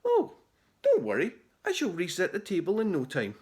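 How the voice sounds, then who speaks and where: Man voicing a sweet polite Viking boy, cheery, gentle, high, storybook. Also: wildly swooping pitch, normal speed. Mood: cheerful.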